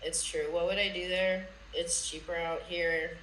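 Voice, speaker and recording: A young woman talking casually and bluntly, with a bright, sharp voice. The room sounds echoey, and faint noise runs under her. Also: fairly low pitch, little pitch movement, measured pace. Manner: chill, blunt, swears casually, says 'bro'. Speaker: podcast guest. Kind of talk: casual chat.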